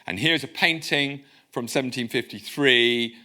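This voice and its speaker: A man giving a public lecture in a lecture room, lively and conversational, with wry asides. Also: mid-range voice, unhurried.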